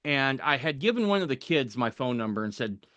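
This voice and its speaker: A man's voice: medium pitch, very animated, fairly quick, a bit bright, dry recording. A man guest on a podcast telling a personal story, animatedly acting out the voices of people he quotes and chuckling at the funny parts.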